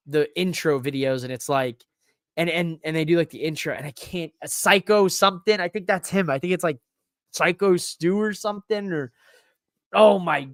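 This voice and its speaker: A man hosting a podcast alone, talking in an excitable, rambling way that swears freely. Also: on the high side, dry recording, studio quality. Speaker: podcast host. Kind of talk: casual solo wrestling recap.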